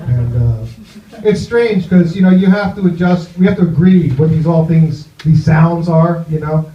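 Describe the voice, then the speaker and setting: A man from New Jersey doing a stand-up set in a comedy club, rambling and halting with lots of "you know". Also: on the high side. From New Jersey, USA. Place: comedy club with live audience. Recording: echoey, muffled live club recording.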